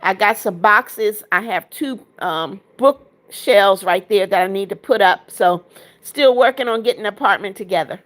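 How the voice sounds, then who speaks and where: A woman's voice: mid-range voice, moderate pace, fairly bright tone. A woman hosting a casual livestream from her apartment, chatting and reading viewer comments aloud as she shows viewers around. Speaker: livestream host.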